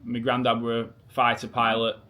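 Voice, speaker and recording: A man's voice: medium pitch, completely flat delivery, moderate pace, bright, forceful tone. A man in his thirties with a Lancashire accent, co-hosting a casual Q&A chat in a laid-back, rambling way. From Preston, England. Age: 30s. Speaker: co-host.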